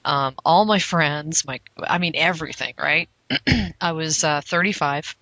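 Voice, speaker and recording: A woman's voice: deep voice, unhurried, no echo. A woman from Southern California in her forties, hosting an interview and telling stories with frequent laughs. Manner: lively storyteller, laughs often. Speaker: host. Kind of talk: chatty interview. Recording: dry muffled lo-fi audio.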